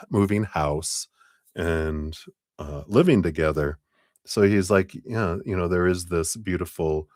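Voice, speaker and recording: Deep-voiced man giving a tarot reading. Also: no room sound, clean studio sound. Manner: rambling, self-interrupting, chuckling. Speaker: tarot reader.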